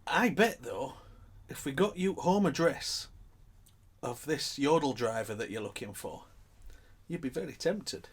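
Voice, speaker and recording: A man's voice: mid-range voice, lively intonation, measured pace, long pauses, slightly rough. A man co-hosting a casual podcast, chiming in with wry comments and laughing along. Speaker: podcast co-host.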